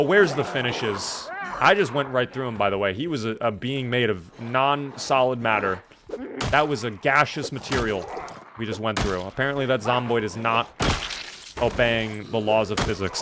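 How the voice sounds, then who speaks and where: A man's voice: mid-range voice, expressive, moderate pace, background noise. Chatty man streaming a game. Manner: playful, chatty, talks to chat and thanks viewers. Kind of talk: live gameplay commentary.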